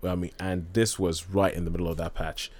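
A man's voice: low voice, little pitch movement, a little fast, darkish tone. A man hosting a radio show, chatting casually about films and laughing often. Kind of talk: casual film chat.

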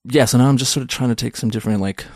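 Thirtysomething comedian guy on a podcast, lively storyteller doing little voices, dry close mic. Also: mid-range voice, racing, no echo. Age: 30s. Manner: animated storyteller who acts out quoted voices. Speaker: stand-up comedian guest. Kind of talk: casual podcast interview.

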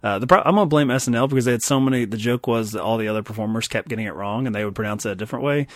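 A man's voice: medium pitch, very fast, no room sound, clean studio sound. A man in his thirties co-hosting a casual movie chat, rambling and self-deprecating, laughing often. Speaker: podcast co-host.

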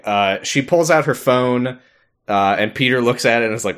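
A man's voice: mid-range voice, normal speed, a bit bright. A man cohosting a comedy podcast, retelling a TV episode in a jokey way and acting out characters in silly voices. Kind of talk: casual comedy recap chat.

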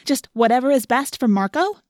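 A woman's voice: on the high side, brisk, dry recording, clean studio sound, voice pushed up, natural voice. Fiery teenage girl, as a woman reads her. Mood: forceful. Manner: forceful, indignant. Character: bold, fiery teenage girl, blunt and determined.

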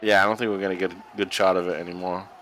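A man's voice: sits low, level tone, very fast, a bit bright, a faint crowd, slight background noise. A man co-hosting a podcast, calling a wrestling match in a crude, joking way and laughing often. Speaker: podcast co-host watching wrestling. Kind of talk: casual watch-along commentary.

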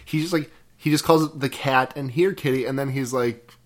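Very low-voiced woman chatting casually. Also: steady tone, moderate pace. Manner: rambling, swears freely, retells a film plot. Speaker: podcast co-host. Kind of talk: casual chat.

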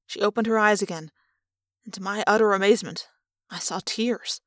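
A woman's voice: medium pitch, moderate pace, dry recording. A woman reading a first-person audiobook aloud in an earnest, subdued way on a close microphone. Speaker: reader.

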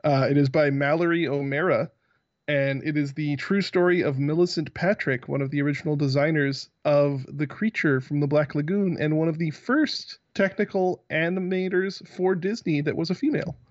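A man's voice: a little high, normal speed, no room sound. Upbeat man on a dry lo-fi mic. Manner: enthusiastic, joking. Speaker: podcast guest. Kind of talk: casual podcast chat.

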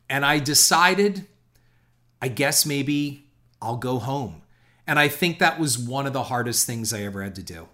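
A man's voice: medium pitch, bright, forceful tone. Reflective man telling a rambling story. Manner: rambling, reflective anecdote with restarts. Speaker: podcast host. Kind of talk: personal storytelling.

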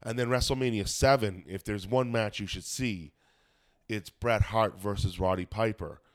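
Man with a smooth, dry voice and a cold. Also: lowish voice, moderate pace, no room sound. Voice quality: smoker's cough. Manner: rambling, swears freely, many fillers. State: has a cold. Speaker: podcast host and stand-up comedian. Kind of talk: casual chat.

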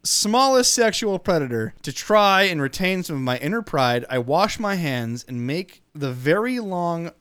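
Male podcast host, fairly high and very animated, chuckling storyteller, dry close sound. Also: normal speed, hardly any pauses, clean tone, no echo. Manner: chuckles through his lines. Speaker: podcast host reading stories. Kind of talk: casual comedic storytelling.

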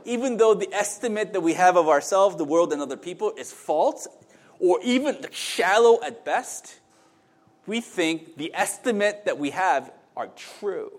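A middle-aged male pastor delivering a sermon. His voice sits a little high and swings widely in pitch. He talks conversationally, turning to the congregation with asides and restarting his sentences. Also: animated, measured pace.

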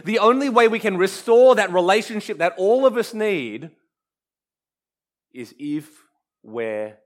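A man preaching a sermon in an earnest, emphatic way, often dropping to a hush for effect. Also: high voice. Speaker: pastor.

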